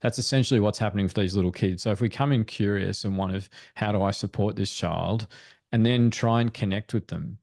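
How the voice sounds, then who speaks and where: A man appears as a parenting expert guest in a webinar discussion, explaining things earnestly and acting out quoted thoughts. His voice is on the low side and darkish, fast with few pauses, recorded with clean studio sound and no echo.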